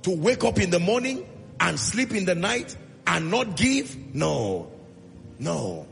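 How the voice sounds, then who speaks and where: A man's voice: high voice, big pitch swings, slow, creaky, a bit bright, in a large hall, faint music behind. A Nigerian man preaching a sermon as pastor, emphatic and hammering repeated refrains.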